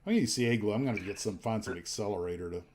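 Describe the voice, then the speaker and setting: Low-voiced rambling male stream host. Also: very fast, darkish tone. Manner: rambling, many fillers and restarts. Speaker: livestream host. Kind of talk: casual chat.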